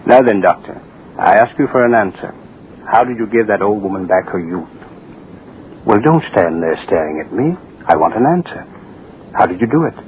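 An actor playing an arrogant, menacing state official who speaks curtly and with contempt, in 1940s radio-acting style. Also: male voice, on the low side, animated, moderate pace, long pauses, close to an everyday voice. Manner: curt, domineering, contemptuous. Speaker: propaganda official, His Excellency. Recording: dull old radio recording with faint hiss.

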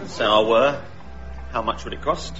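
A timid, bright-voiced gentleman. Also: medium pitch, fairly even intonation, unhurried, lo-fi sound, faint music behind, some chatter behind. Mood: nervous. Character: stiff, timid gentleman customer.

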